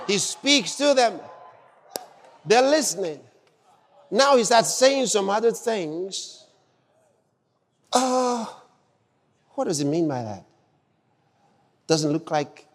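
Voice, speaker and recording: Brief: male preacher, exuberant, shouts exclamations, high voice, long hall reverb. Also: slightly rough. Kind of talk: sermon.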